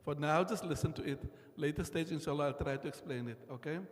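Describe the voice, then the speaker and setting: A man's voice: a little high, quick pace. A man teaching a live class on reciting scripture, guiding students patiently and repeating lines for them to copy. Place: mosque prayer hall. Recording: long hall reverb from livestream.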